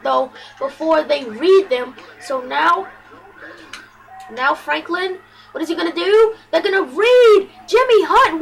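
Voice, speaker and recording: A woman doing excitable play-by-play commentary over her football video game, bursting into shouts on big plays and tripping over her words. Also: extremely high pitch, poor audio.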